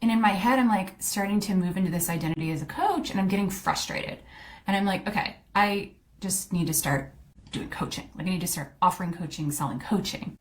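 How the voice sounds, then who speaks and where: A middle-aged woman with a lilt talks through her own story on a podcast. Her pitch sits in a middling range. She is candid and chatty, full of fillers, and she keeps acting out what she once said to herself. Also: a little hiss or hum. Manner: chatty, candid, fillers and quick self-quotes. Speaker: podcast host, coach. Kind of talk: casual personal storytelling.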